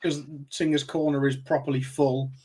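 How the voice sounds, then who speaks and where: A man co-hosting a football fan podcast, measured and factual. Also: mid-range voice, level tone, a little mellow, husky. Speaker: podcast co-host. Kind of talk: casual fan podcast chat.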